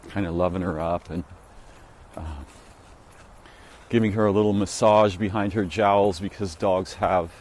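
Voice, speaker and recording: A man telling a reflective, meandering story on a walk-and-talk vlog, halting and restarting as he muses. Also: lowish voice, a little mellow. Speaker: vlogger. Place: outdoors, walking.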